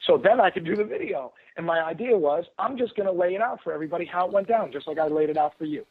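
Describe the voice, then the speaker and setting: A high-pitched man talks fast and loose, piling up fillers and restarts. His voice comes through husky and thin over a tinny phone line. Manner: excitable, rambling, frequent restarts and fillers. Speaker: guest author. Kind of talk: casual storytelling on a call-in radio show.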